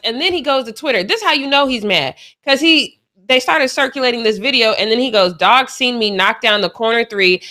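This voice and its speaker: Young woman co-host, bright tone, animated and quick to laugh, sports chat. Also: fairly high pitch. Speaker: show co-host.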